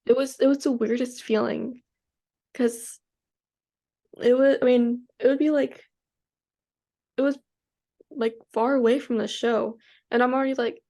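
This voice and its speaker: A young woman co-hosts a podcast in casual, rambling chat full of restarts and fillers. Her voice is a little high and dark in tone, with fairly even intonation, a measured pace, and long pauses.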